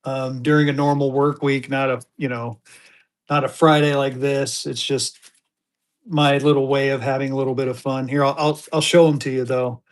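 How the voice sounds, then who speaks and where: A man's voice: mid-range voice, flat delivery, normal speed. A man hosting a casual live-stream auction from a room at home, rambling and joking as he sells and repeats himself.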